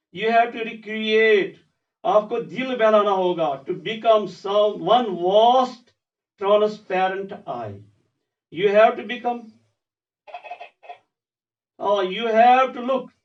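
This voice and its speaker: A man's voice: high voice, far from the mic. A male teacher, reading a textbook passage aloud and explaining it line by line, often repeating phrases. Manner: reads lines aloud then explains them plainly, repeating phrases. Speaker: English teacher. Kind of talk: classroom lecture reading and explaining a text. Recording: dull lo-fi sound, voice off the mic.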